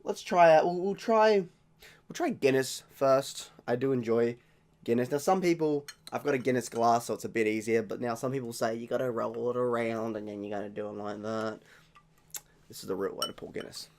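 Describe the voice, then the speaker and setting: A young Australian man with a slightly mellow, medium-pitched voice speaks at normal speed while hosting a casual beer-tasting vlog. His talk is rambling and chatty, full of self-corrections as he tries the beers.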